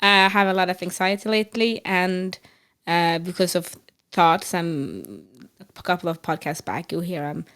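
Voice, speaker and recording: A middle-aged woman, co-hosting a podcast and telling an animated story with restarts and laughter. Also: fairly low pitch, moderate pace. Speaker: podcast co-host. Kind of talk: casual chat.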